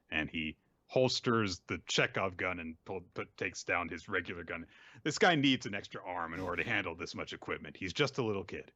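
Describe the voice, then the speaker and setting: A man hosts a casual manga recap podcast, telling the story animatedly with many fillers. His low voice moves a lot in pitch. The audio is dry and a bit lo-fi. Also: lively intonation, fairly quick, sharp tone, no room sound. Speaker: podcast host.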